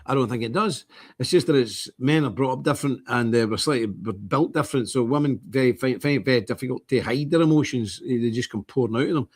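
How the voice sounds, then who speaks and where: Talking fast at medium pitch with a breathy edge, this middle-aged Irish-accented man runs a church channel's update stream. His monologue is casual, rambling, and animated, with quoted dialogue acted out.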